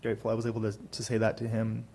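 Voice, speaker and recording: Low, flat-voiced man giving a halting eulogy. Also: husky. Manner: halting, repeats words, soft-spoken. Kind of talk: funeral eulogy. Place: funeral home chapel.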